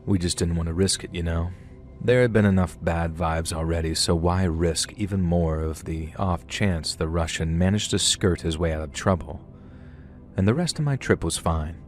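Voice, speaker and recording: A man's voice: low-pitched, moderate pace, soft background music. A man narrating a first-person story in a casual, slangy storytelling manner. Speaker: channel narrator.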